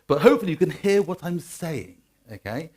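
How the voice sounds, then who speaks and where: A man's voice: fairly high pitch, very animated, brisk, darkish tone, breathy edge. A man in his forties with a Bristol West Country accent, giving a jokey, self-mocking conference talk on stage and drawing the audience into call-and-response. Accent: West Country English (Bristol). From Bristol, West Country of England. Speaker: conference speaker, agile coach.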